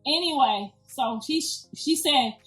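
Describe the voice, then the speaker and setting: Grandma type lady telling a story all loud and emphatic, cussing, kinda high voice, echoey room, mic far off, faint music behind. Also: takes it slowly. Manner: animated, emphatic, profane, slangy. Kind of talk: casual storytelling.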